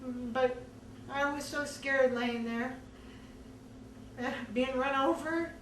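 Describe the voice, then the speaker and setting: A woman earnestly recounting her own story in a measured way, with many pauses. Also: sits high, fairly even intonation. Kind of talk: personal testimony. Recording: echoey room, distant mic, faint background noise.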